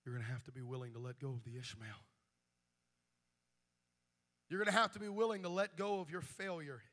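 A man preaching a pentecostal sermon as pastor, moving from quiet, intense passages to shouted, soaring preaching. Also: on the high side, a little fast. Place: church sanctuary. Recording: live church with organ music behind. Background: music.

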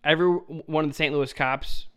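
A man's voice: a little high, fairly even intonation, moderate pace, fairly bright tone, clean tone. A young man co-hosting a podcast, telling a long story in casual chat, rambling, swearing and laughing as he goes. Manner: rambling, profane, laughs through his story. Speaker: podcast co-host.

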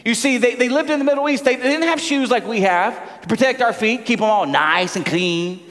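A Southern US man in his forties preaches with a noticeably high voice and an animated, joking delivery. He stumbles and repeats words as he goes. His voice rings out with a long reverb. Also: a little fast. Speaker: pastor. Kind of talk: sermon. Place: church sanctuary.

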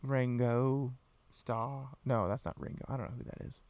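A man's voice: mid-range voice, normal speed, darkish tone. A man co-hosting a casual live podcast, joking, laughing often and reading out viewer comments. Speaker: podcast co-host. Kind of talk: casual live-stream chat.

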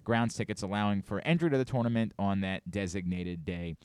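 A man's voice: lowish voice, brisk, a little mellow, smooth, no room sound. A man hosting a radio show, chatting casually and reading contest promos with rising enthusiasm. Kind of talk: casual sports radio chat.

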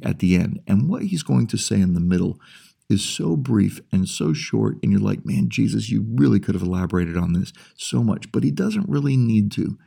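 A male pastor delivering a sermon in a deep, gravelly voice with a husky edge. He talks his listeners through the point step by step, asking rhetorical questions along the way. The tone is dark and mellow.

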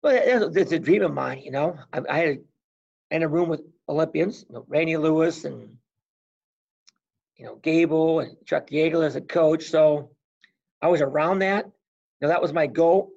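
A man in his sixties, a former college wrestler, telling animated stories as an interview guest and acting out old conversations. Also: a little high, moderate pace. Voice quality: gravelly, husky. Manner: animated storyteller who acts out past conversations. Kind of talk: casual storytelling interview. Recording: dull lo-fi recording.

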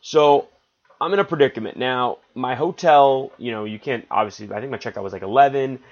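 A man's voice: mid-range voice, brisk. A man hosting a podcast, telling a travel story in a chatty, rambling, self-deprecating way with lots of asides. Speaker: podcast host. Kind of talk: casual storytelling monologue. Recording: slightly dull lo-fi audio.

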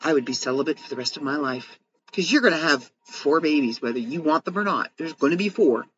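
A woman's voice: sits low, expressive, fairly quick, slight background noise. Giggly woman reading fun facts. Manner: giggly, reads aloud and jokes about each fact. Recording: dull lo-fi sound.

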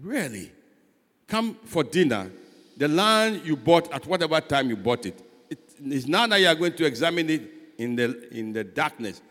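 A man, a pastor preaching a sermon, swinging between loud and soft and asking rhetorical questions. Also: on the high side, big pitch swings, normal speed. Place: church hall. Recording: long church hall reverb.

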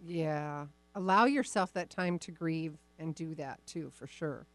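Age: adult. Sex: woman. Role: encouraging talk show host with a lower voice. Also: a little slow, no echo. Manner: warm, encouraging. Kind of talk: supportive talk show hosting.

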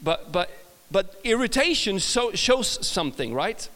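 High-voiced Swedish preacher in a reverberant hall. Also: male voice, sing-song, unhurried, a bit bright. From Sweden. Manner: storytelling with frequent restarts and self-laughter. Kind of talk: sermon.

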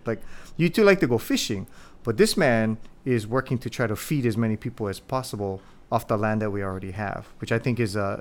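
A man hosting a podcast in Hawaii, introducing his guest in a casual, rambling way and acting out quotes with lively energy. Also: fairly low pitch. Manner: rambling, animated retelling with acted-out quotes. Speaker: podcast host.

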